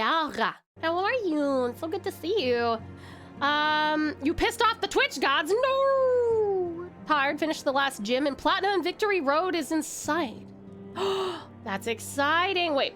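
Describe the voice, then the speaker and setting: Aussie girl streaming, chirpy and sweet to chat, voice bouncing all over, some game music quietly underneath. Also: high voice. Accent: Australian. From Australia. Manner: bubbly, greets viewers with sweet nicknames. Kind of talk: casual live-stream chat. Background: faint game music.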